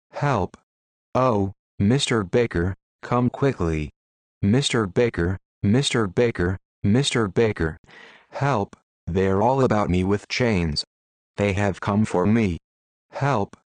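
A man's voice: lowish voice, takes it slowly, dry recording. A man reading an audiobook, voicing a terrified dying boy who cries out frantically for help. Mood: terrified pleading.

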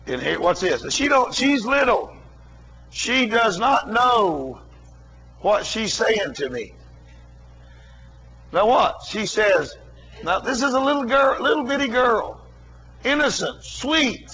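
A man's voice: high voice, very animated, unhurried, pauses often, bright, forceful tone, breathy edge. A middle-aged man preaching a sermon, telling a story in an emphatic, emotional way.

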